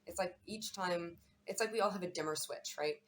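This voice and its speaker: A woman's voice: lowish voice, fairly quick, a little hiss or hum. A woman giving a casual, chatty tarot and astrology reading, often repeating words for emphasis.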